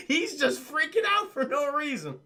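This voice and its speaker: Gravelly, animated male streamer. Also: high voice, a little fast. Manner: animated, profane, addresses chat, laughs often. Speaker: streamer, film reviewer. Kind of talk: casual scene-by-scene film recap.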